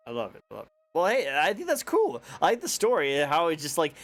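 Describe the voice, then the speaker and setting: A man's voice: on the high side, very animated, fast talker, few pauses, a bit bright. A man hosting a casual interview, enthusiastic and repeating "I love it.". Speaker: interview host.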